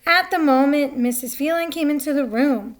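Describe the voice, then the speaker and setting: A woman's voice: high-pitched, moderate pace. A woman reading a picture book aloud, chatty, stopping to comment on the pictures. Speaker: story reader.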